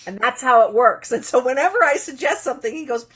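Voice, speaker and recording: A middle-aged woman, a guest on an interview, who tells lively stories and acts out the dialogue she quotes. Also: sits high, fast talker, few pauses, slightly rough. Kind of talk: conversational interview.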